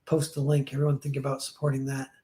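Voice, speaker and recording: A man's voice: medium pitch, completely flat delivery, fast, mellow, reverberant. A young man chatting casually on a livestream, rambling and self-deprecating, acting out quoted dialogue as he tells stories. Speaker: streamer and comic artist.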